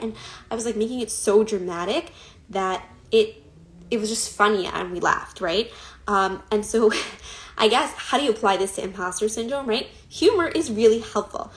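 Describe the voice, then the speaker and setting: A woman's voice: medium pitch, moderate pace. Woman coach, conversational live-stream talk, loose and chatty, frequent fillers. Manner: chatty, many fillers and laughs.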